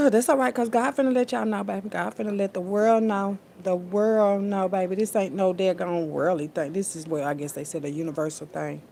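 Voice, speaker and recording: A woman's voice: medium pitch, fairly quick, vocal fry, few pauses, slight background noise. A woman, preaching casually and profanely into her phone in a spiritual vlog. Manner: animated, preachy, profane, Southern US slang.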